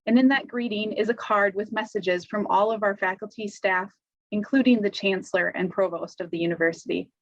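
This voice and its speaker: A woman hosts a virtual graduation in a scripted, friendly and formal manner. Her voice sits at a middle pitch. The recording sounds a little dull and lo-fi. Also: fairly even intonation, fairly quick. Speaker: ceremony host. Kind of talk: scripted ceremony hosting.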